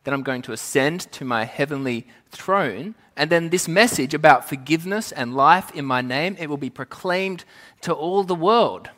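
A preacher voicing an imagined Jesus who answers calmly and plainly, speaking into a microphone in a church. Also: male voice, on the high side, normal speed, natural voice. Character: calm, patient risen Jesus.

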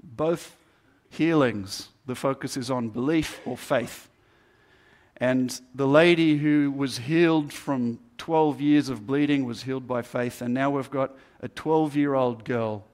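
A man's voice: medium pitch, slow, a little mellow. A man preaching a sermon, earnest and building emphasis through repeated phrases. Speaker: pastor.

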